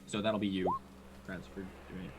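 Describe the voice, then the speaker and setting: A man's voice: deep voice, flat delivery, moderate pace, slight background noise. A man playing in a tabletop game, talking hesitantly and asking careful questions. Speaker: player. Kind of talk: casual game table chat.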